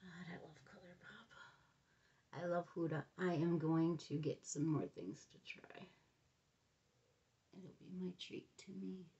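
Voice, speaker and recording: Middle-aged woman, beauty vlogger, casual rambling chat, muttered asides, lowish voice. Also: dark tone, muffled recording. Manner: chatty, rambling, often mutters to herself under her breath. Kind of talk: casual makeup review.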